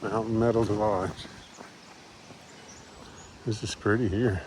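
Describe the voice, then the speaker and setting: A man narrates his hike into a handheld camera. He rambles and chuckles to himself as he walks along the trail. Outdoor noise sits clearly behind him. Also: fairly low pitch, steady tone, takes it slowly, darkish tone. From American South. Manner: rambling, chuckling, talks to himself while walking. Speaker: thru-hiker vlogger. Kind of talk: casual trail vlog narration. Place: outdoors on a mountain hiking trail.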